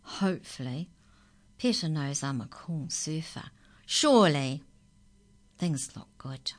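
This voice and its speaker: A woman calmly reading a children's story aloud. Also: deep voice, takes it slowly.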